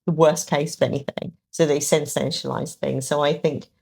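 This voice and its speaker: A woman's voice: deep voice, steady tone, brisk, creaky, dark tone, slightly rough. A woman talking as a guest on a podcast about her aesthetics work, thoughtful and hedging with many ums and restarts, with the odd dry sarcastic aside. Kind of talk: conversational podcast interview.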